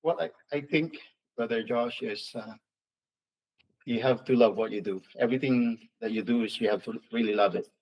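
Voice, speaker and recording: A man guest on a radio talk show, talking in a hesitant, halting way with many restarts. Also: medium pitch, dull audio. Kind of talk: radio interview.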